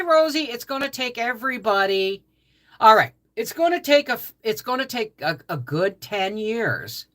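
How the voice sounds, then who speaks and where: A Canadian woman hosts a casual homestead livestream, having just gotten out of bed, and chattily greets viewers by name. Her medium-pitched voice is bright and forceful.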